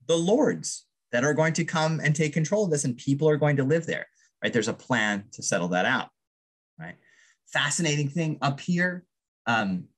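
A man's voice: medium pitch, husky. A man lecturing on archaeology to a public audience, enthusiastic, often checking in with "right?". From Vermont's Northeast Kingdom. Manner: enthusiastic, frequent tag "right?".

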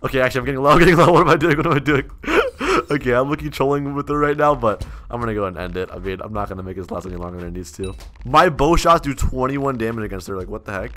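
Excitable young man narrating gameplay. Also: medium pitch. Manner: excitable, laughing, quick swings between mumbling and yelling. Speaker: gaming YouTuber. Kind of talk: gameplay commentary.

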